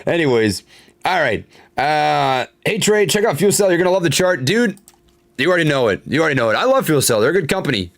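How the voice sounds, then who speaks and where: A man's voice: fairly high pitch, very animated, fast talker. A young man hosting a live stock-trading stream, commenting casually on charts, reading chat aloud and venting frustration. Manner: frustrated, reads chat aloud, swears and laughs it off.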